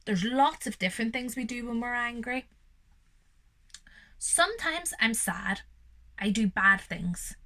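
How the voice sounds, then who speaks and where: A young woman reading a picture book aloud to young children and explaining it gently and reassuringly, as their teacher. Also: on the high side, expressive, unhurried, long pauses.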